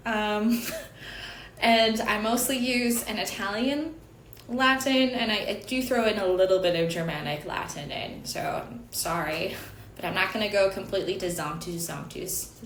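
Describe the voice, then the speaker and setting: A woman with a middling voice teaches in a relaxed, talkative way, often rephrasing mid-sentence and adding friendly asides. Her voice rings around a reflective room, and a faint hum sits underneath. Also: medium pitch, roomy sound, poor audio. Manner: chatty, self-correcting, with little laughs and apologies. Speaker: chant teacher. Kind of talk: casual explanatory lesson.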